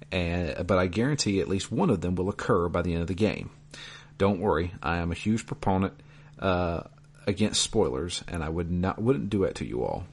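A man's voice: low-pitched, husky. A man hosting a casual podcast, reading listener emails aloud with dry asides.

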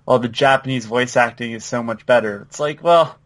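A man co-hosting a podcast in a relaxed, talkative way, with a voice of ordinary pitch. He jumps in quickly and keeps adding little asides. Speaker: podcast co-host. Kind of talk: casual chat about a video game.

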